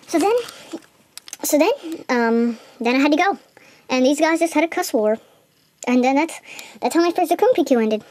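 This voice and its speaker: A teenage girl with a fairly high voice tells a game story while she draws. She rambles, restarts and fills gaps with ums. A faint hiss sits under the recording. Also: expressive, normal speed, long pauses, darkish tone. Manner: rambling, lots of fillers and restarts. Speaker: video maker retelling a game. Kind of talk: casual storytelling while drawing.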